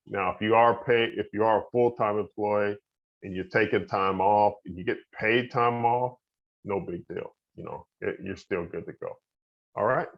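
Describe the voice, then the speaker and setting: Casting: man, low voice, loan officer running a homebuying class, easygoing and folksy, dull lo-fi audio. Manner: conversational, folksy, with fillers and occasional chuckles. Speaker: loan officer giving a home buyer presentation. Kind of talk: casual instructional presentation.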